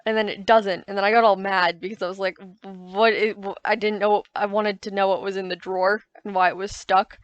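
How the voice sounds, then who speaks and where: A woman's voice: medium pitch, little pitch movement, brisk, few pauses, no room sound, lo-fi sound. A woman giving casual, rambling voice-over commentary on her own gameplay, often correcting herself as she recounts her frustrations. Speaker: gaming YouTuber.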